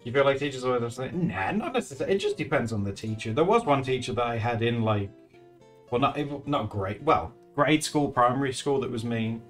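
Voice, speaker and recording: While drawing on stream, a man chats casually with viewers, thanking them and telling stories with plenty of laughter. His medium-pitched voice has lively intonation and a slightly fast pace, with faint music behind.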